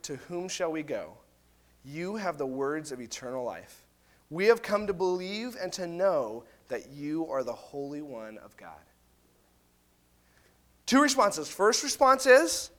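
A man preaching a sermon, retelling scripture in casual paraphrase and acting out the quoted voices. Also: sits high. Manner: animated, acts out quotes of biblical figures in casual paraphrase. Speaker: pastor.

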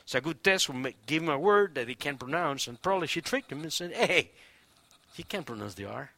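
Pastor, male, animated sermon storyteller; high, bright, very expressive delivery. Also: a little fast, vocal fry, no room sound. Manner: animated storytelling, acts out quoted voices; swings between loud preaching and hushed near-whispers.

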